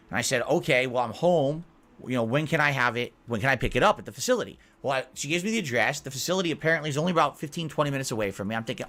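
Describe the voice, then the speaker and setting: Fast, lively man telling a story. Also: a little high. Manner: animated, acts out both sides of phone calls. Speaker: commentator.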